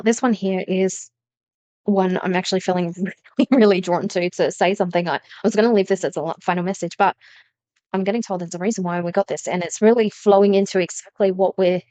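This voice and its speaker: A woman's voice: medium pitch, darkish tone, no room sound. Earnest woman giving a tarot reading. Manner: earnest, emphatic, repeats phrases. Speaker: tarot reader. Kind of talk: spiritual reading to camera.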